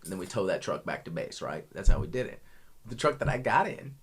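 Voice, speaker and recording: A man's voice: on the low side, big pitch swings, brisk, slight background noise. A young man and army veteran on a podcast, telling war stories in casual, profane chat and laughing a lot.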